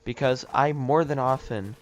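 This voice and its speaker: A man's voice: mid-range voice, moderate pace. A man doing casual commentary over an online game, sarcastic and ranting, swearing freely and joking about the other players. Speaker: gaming YouTuber.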